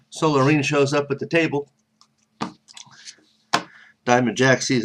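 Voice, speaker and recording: A man's voice: medium pitch, fairly even intonation, unhurried, long pauses, a little hiss or hum. Chatty man telling a casual story. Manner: rambling, self-correcting, chatty asides.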